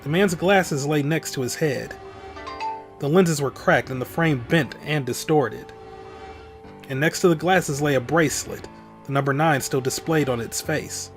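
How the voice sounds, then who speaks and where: A man's voice: a little high, measured pace, soft background music. A man hosting a let's play, reading a visual novel's text aloud in a dramatic voice and dropping in casual comments. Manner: dramatic read-aloud broken by offhand comments.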